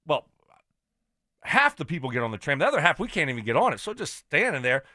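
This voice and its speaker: A man hosting a sports radio show, telling a story in an animated, exasperated rant. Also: a little high, fast, no room sound, studio quality. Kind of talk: casual radio chat.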